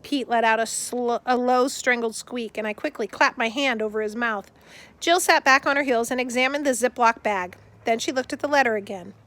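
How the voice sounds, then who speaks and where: A woman narrating a chapter book aloud in a steady, expressive reading. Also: on the high side, normal speed. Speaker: audiobook narrator. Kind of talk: scripted storybook narration.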